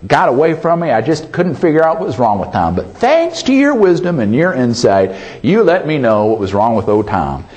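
A man playing God, speaking with brisk, mock-grateful sarcasm. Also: mid-range voice, big pitch swings, a little mellow, natural voice. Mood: sarcastic.

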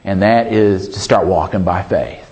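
A man's voice: low-pitched, a little slow. A man preaching a sermon, emphatic, often calling out for an amen. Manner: emphatic, calls for amens, animated delivery. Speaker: pastor.

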